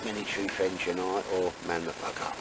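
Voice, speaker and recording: A man's voice: sits low, little pitch movement, brisk, very noisy. A man chatting casually and jokily while camping in damp woods. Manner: chatty, jokey, laid-back. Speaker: vlogger. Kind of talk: casual outdoor chat.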